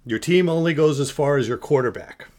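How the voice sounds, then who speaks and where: A man's voice: on the high side, brisk. Older man telling stories animatedly. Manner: animated storyteller, restarts sentences. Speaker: podcast host, grandfather. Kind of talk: casual storytelling chat.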